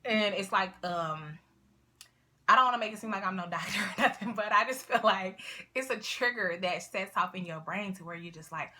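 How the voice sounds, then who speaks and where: Bright-voiced chatty young woman vlogger. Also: medium pitch, brisk. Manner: chatty, rambling, lots of fillers and asides. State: sniffling. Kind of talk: casual talk to camera.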